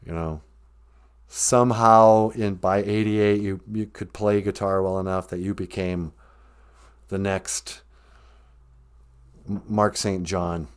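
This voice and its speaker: A man's voice: sits low, steady tone, slow, long pauses, clean tone. A man hosting a podcast, musing in a laid-back, self-mocking way. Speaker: podcast host. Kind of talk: casual chat.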